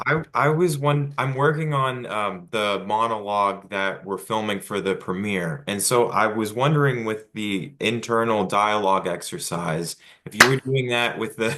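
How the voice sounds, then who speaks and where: A man's voice: lowish voice, background noise. A man asking his acting teacher a question, hesitant and searching for words. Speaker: acting student.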